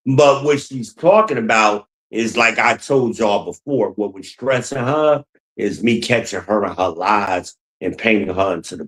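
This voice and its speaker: A man with a lowish, slightly bright voice hosts his own podcast alone, and the recording is rough. He talks bluntly and casually, venting with swearing, rambling, and circling back to the same points.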